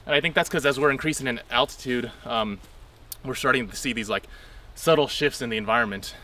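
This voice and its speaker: A man's voice: mid-range voice, brisk, sharp tone. Enthusiastic man explaining trail plants. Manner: enthusiastic, explanatory, laughs often. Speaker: hiker identifying plants. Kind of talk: casual trail chat. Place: outdoors on a forest trail.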